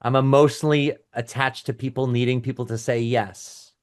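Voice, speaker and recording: Over a video call, a middle-aged man coaches a business webinar, chatting loosely, restarting sentences, tossing in asides, and reading viewers' chat comments aloud. His middle-pitched voice is steady and clean, at a moderate pace.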